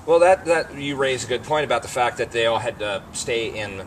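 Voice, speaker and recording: A man's voice: mid-range voice, animated, brisk, a little hiss or hum, poor audio. A man co-hosting an interview, asking questions hesitantly with many fillers. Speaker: co-host. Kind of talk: casual interview.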